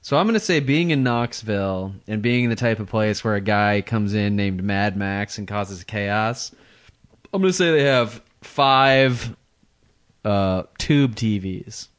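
A man in his thirties co-hosting a podcast in casual chat, often laughing and acting out quick voices as he tells a story. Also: fairly low pitch. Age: 30s. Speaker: podcast co-host.

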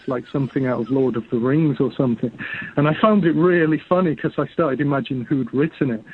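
An English man from the United Kingdom with a husky, medium-pitched voice phones in to a podcast. Heard over the phone line, he tells a funny story in a chatty, amused way.

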